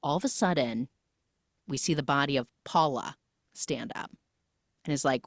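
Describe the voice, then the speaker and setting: A woman's voice: deep voice, animated, no room sound, studio quality. A woman hosting a podcast, retelling a film's plot in a chatty way and briefly acting out each character's lines. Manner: chatty, acts out the characters' lines in quick snippets. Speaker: podcast host. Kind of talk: casual film recap.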